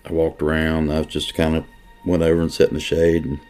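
A middle-aged man, a police detective, telling a personal story in an interview in an earnest, emotional way with halting restarts. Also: a bass voice, monotone, a little mellow, clear, resonant tone, soft background music.

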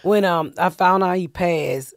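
A woman telling a story casually as a podcast guest, lively and profane, acting out what people said. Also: lowish voice, measured pace, no room sound, clean studio sound.

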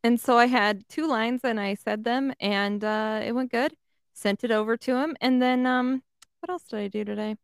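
A woman's voice: a little high, normal speed, clear, resonant tone, no room sound, studio quality. A woman co-hosting a podcast, chatting in an easygoing, agreeable way. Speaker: podcast co-host. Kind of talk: casual comedic chat.

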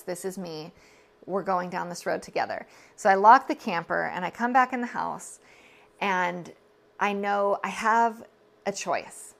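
A woman, telling a personal story on her podcast in an earnest, confiding way, full of asides and self-corrections. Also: mid-range voice. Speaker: podcast host.

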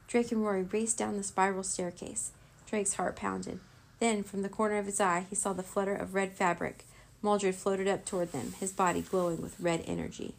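A woman's voice: mid-range voice, flat delivery, moderate pace, vocal fry. Woman reading a children's book aloud. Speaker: narrator.

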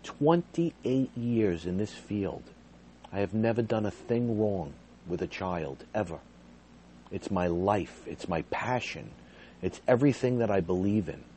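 Middle-aged man, low mellow voice, emphatic storyteller talking to camera, faint noise. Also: expressive, a little slow. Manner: emphatic, retells dialogue aloud. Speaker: behavior support worker. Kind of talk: personal storytelling to viewers.

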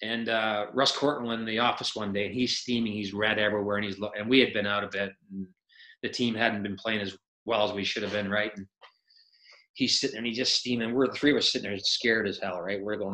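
Male guest, casual storyteller, bright tone, roomy echo. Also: lowish voice, fast talker. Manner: animated storyteller acting out quotes, laughs often. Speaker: podcast guest, retired hockey player.

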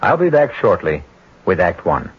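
A man hosting and narrating a radio mystery drama in a wry, measured way. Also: low-pitched, wildly swooping pitch. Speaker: host and narrator. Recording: hissy lo-fi radio broadcast.

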